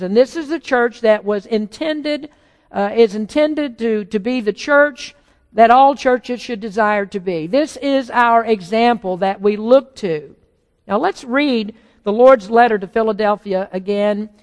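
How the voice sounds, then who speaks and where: Woman pastor, earnest deliberate sermon delivery, slightly high voice, long hall reverb. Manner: earnest, deliberate, restarts phrases.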